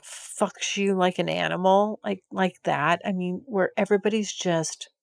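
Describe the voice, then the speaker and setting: A woman's voice: mid-range voice, vocal fry, darkish tone, no echo, studio quality. A woman hosting a podcast, talking frankly in a rambling monologue full of filler words. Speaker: podcast host. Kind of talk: candid monologue.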